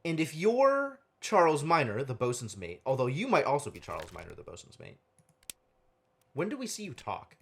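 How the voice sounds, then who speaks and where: A man's voice: mid-range voice, huge pitch swings, moderate pace, vocal fry, fairly bright tone, breathy edge. A man streaming a game live, thinking aloud and muttering counts to himself as he works through a puzzle. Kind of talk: live gameplay commentary.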